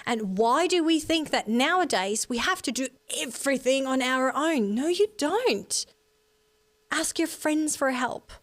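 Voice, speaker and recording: A woman in a casual podcast conversation, speaking in a calm, encouraging, motivational way and slowing down to stress key phrases. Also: high voice. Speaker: podcast guest or co-host.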